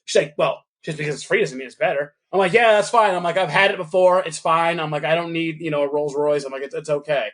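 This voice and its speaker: A man co-hosting a casual podcast, with a voice a little higher than most men's. He tells stories with lots of energy and acts out both sides of a phone call. He swears freely as he talks. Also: quick pace, few pauses, fairly bright tone. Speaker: podcast co-host.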